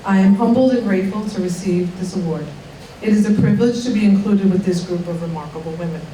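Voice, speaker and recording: With a cold, a middle-aged woman gives a heartfelt award acceptance speech at an evening event in a college dining room, her medium-pitched, warm voice moving quickly. She sometimes stops to laugh off her emotion and recover. A distant podium mic picks her up in an echoey room with slight background noise.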